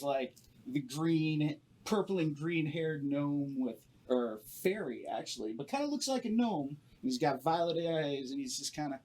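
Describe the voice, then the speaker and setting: A man's voice: a little high, lively intonation, measured pace, darkish tone. A man playing a tabletop game, talking in character in a laid-back, rambling way full of fillers and repeats. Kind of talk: in-character role-play.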